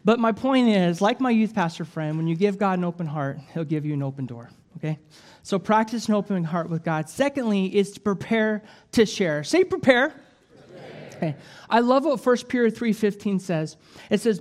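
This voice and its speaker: Animated man preaching a sermon. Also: high voice, normal speed. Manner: animated storytelling with jokes and laughs. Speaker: evangelist.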